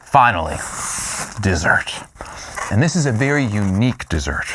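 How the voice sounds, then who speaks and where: A man tastes dishes on camera and reacts with playful, excitable enthusiasm. His voice is animated and lively, swinging widely in pitch, and he hums with delight between bites. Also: normal speed, slight background noise. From Louisiana, US. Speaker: food show host. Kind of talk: food tasting vlog.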